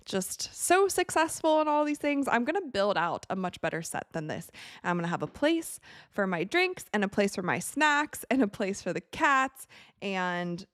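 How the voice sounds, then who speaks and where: Woman, live-stream host, casual watch-party commentary, chatty, animated pitch, dry close sound. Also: no room sound. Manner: chatty, reads out viewer comments, laughs often. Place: home streaming set with cats.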